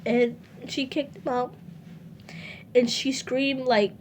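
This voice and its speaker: High-voiced woman telling an emotional story. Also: steady tone, slow, a little hiss or hum. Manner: earnest, repeats herself, addresses viewers directly. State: emotional, close to tears. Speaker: vlogger. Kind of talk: personal storytime monologue.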